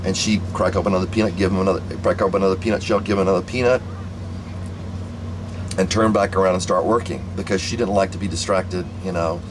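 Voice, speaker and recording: Low-pitched man, casual rambling storyteller, faint noise behind. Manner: rambling, repetitive, many restarts. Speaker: vlogger telling a family story.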